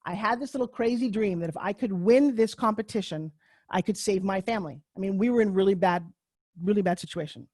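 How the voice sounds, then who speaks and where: Speaking through a computer mic on a video call, a middle-aged Long Island New Yorker gives a personal storytelling talk about her life. Her voice is medium-pitched, brisk and darkish with no echo, and she's brash, frank and self-deprecating, cursing freely.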